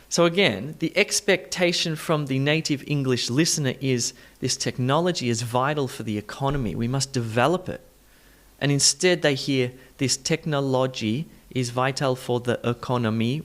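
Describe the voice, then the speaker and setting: A man teaching an online English pronunciation lesson, saying practice sentences slowly and repeating stressed words to the learner in an encouraging way. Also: medium pitch, fairly bright tone. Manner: encouraging, talks straight to the learner.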